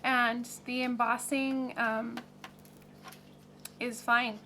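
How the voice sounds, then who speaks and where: Bright-voiced woman demonstrating crafts. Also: a little high, steady tone, a little slow, a little hiss or hum. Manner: plain-spoken, practical, hesitant with fillers. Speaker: crafting video host. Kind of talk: casual demonstration tutorial.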